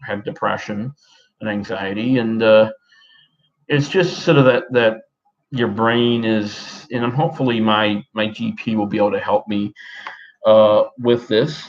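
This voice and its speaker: A fairly low-voiced man in his thirties from Australia speaks in a put-on American accent, halting and rambling through a personal talk with many restarts. The recording is a bit dull and muffled. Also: steady tone. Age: 30s. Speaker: vlogger.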